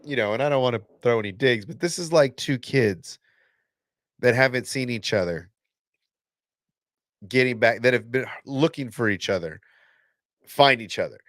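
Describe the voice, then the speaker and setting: A man hosting a casual fan reaction video, excitable and blunt, swearing and restarting his sentences often. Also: mid-range voice, normal speed, long pauses, dry recording, clean studio sound.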